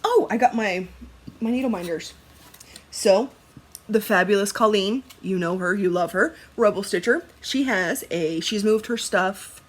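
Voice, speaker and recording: A woman's voice: medium pitch, measured pace. A young woman chatting casually about her stitching, laughing often and swearing now and then. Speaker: cross-stitch vlogger.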